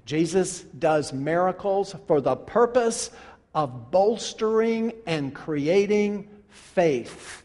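A male pastor preaching with a fairly high voice that swings from hushed, slow phrases to loud, emphatic calls. His words ring out through a church with a long, lingering reverb. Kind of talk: sermon.

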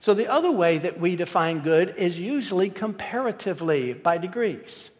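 A man's voice: high voice, animated, normal speed. A man preaching a sermon, teaching emphatically and asking many rhetorical questions. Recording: long hall reverb.

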